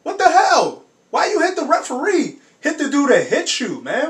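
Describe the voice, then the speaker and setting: A high-voiced man hosts a sports reaction video, chatting in loose slang and bursting into shouts and laughter. He sits some distance from the mic in a roomy, echoing space. A faint hiss runs underneath. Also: normal speed. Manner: animated, laughing often, slangy exclamations. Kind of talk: casual reaction commentary.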